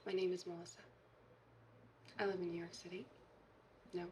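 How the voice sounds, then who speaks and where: An actress voicing a young woman playing along on a video chat, talking softly and quietly, slipping into whispers. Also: fairly low pitch, little pitch movement, natural voice. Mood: dreamy. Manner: soft, quiet and slow, drifting into whispers. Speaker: game character.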